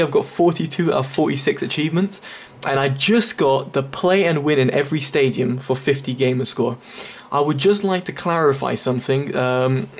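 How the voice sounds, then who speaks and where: A man talks through a video game guide in a relaxed, chatty way, stopping often with "um" and "uh" as he clicks through menus. His voice sits at an ordinary middle pitch, heard through a desk microphone over game capture. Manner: chatty, explains step by step with fillers. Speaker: gaming video creator. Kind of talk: casual game walkthrough commentary.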